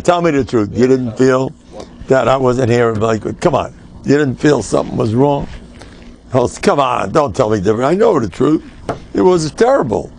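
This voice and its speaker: A man's voice: mid-range voice, creaky, a little hiss or hum. An older man, a rabbi giving an informal Torah class, emphatic and joking, mixing in Yiddish and Hebrew words. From United States.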